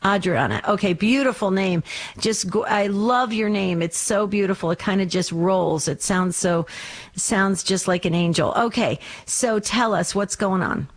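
A woman's voice: mid-range voice, measured pace. A woman hosting a call-in radio show, encouraging and comforting callers and addressing them by name. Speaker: radio host.

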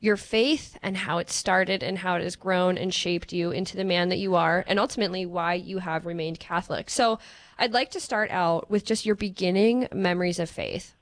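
Casting: woman interviewer, brisk and upbeat, dry close sound. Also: fairly low pitch, fairly even intonation, no echo. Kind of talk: faith interview hosting.

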